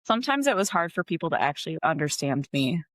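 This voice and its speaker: A woman's voice: deep voice, big pitch swings, fast talker, no echo. A woman from Wisconsin in her thirties, a guest chatting casually in an interview, laid-back and full of "like" fillers.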